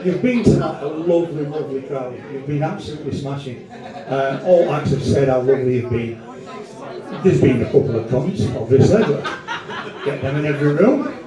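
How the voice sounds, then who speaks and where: A man's voice: on the high side, expressive, normal speed, a crowd in the background. A man with a Northern English accent doing stand-up, bantering brashly with the audience and swearing a lot. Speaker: stand-up comedian. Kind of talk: live stand-up set with crowd work. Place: comedy venue with a live audience. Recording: echoey live room, distant mic, audience laughter.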